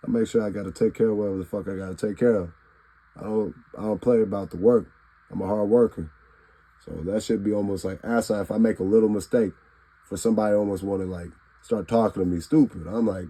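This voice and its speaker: A man with a low, mellow voice talks casually into his phone camera. He rambles bluntly and swears freely, and he keeps acting out the comebacks he would say to people. His tone stays relaxed and dark rather than sharp. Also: brisk, rough recording. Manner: profane, blunt, rambling, acts out what he'd say to people. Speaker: vlogger.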